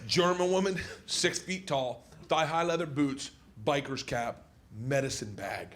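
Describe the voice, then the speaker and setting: A man's voice: a little high, a little slow, a bit bright. A man telling a profane stand-up story in a rowdy, laughing way. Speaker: stand-up comedian.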